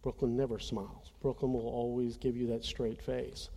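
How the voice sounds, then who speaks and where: A man's voice: mid-range voice, flat delivery, moderate pace, creaky, warm tone, in a large hall. A man preaching a conversational sermon, telling a personal story earnestly and speaking straight to his congregation. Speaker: pastor.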